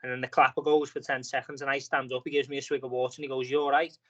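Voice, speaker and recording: A man's voice: medium pitch, flat delivery, very fast, fairly bright tone, dull audio. A man, a boxer appearing as a guest, talking casually on a podcast and telling a long story packed with fillers and restarts. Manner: rambling storytelling with many fillers.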